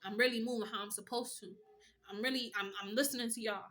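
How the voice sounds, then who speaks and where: A woman's voice: a little high, steady tone, fast, fairly bright tone. A woman giving a casual tarot reading with a blunt, profane pep-talk manner. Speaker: tarot reader.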